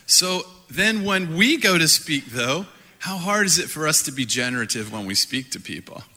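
A middle-aged man preaching a sermon, animated and playful, laughing often as he talks. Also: fairly high pitch, normal speed. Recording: hall reverb.

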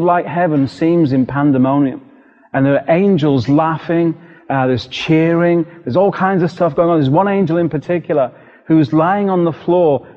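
A British man preaching and telling a story with lively re-enactment, his voice sitting a bit high for a man. The recording is dull and lo-fi, and a long hall reverb trails behind him. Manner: lively, re-enacts scenes with sudden shouts. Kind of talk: storytelling sermon.

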